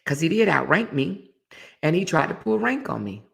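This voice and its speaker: Gravelly-voiced woman host telling a story. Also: deep voice, normal speed. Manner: animated storytelling, reading viewer comments. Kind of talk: casual chat.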